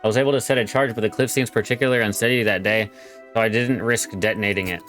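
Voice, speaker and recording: A man's voice: fairly low pitch, steady tone, fast talker, fairly bright tone, soft background music, natural voice. Man doing a weary old whaler, ish. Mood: gruff. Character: gruff old male retired whaler, weary.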